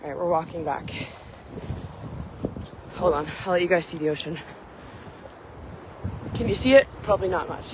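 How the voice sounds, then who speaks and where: A woman's voice: fairly low pitch, normal speed, long pauses. A woman livestreaming on her phone, out of breath and chatting with her viewers. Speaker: vlogger. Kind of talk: casual livestream chat. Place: outdoors in a snowstorm, then indoors at home. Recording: phone mic with wind noise. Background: wind and noise.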